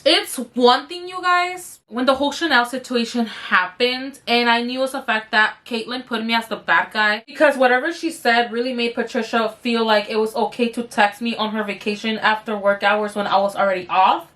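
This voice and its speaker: Young woman chatting to camera while doing makeup, bright sharp voice, kinda hoarse, lots of you guys. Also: a little high, moderate pace, few pauses. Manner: animated, swearing, addresses viewers as you guys. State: hoarse, slightly strained throat. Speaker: beauty vlogger.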